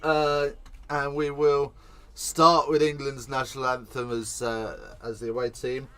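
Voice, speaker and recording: Male host, bright tone, excitable live commentary, faint music behind. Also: medium pitch, a little slow, smooth. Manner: chatty, excitable, swears casually. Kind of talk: live watch-along commentary.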